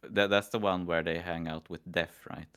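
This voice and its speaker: A man's voice: deep voice, fairly even intonation, fairly quick, fairly bright tone, smooth. A man from Sweden chatting casually on a stream, rambling and swearing often. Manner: profane, rambling.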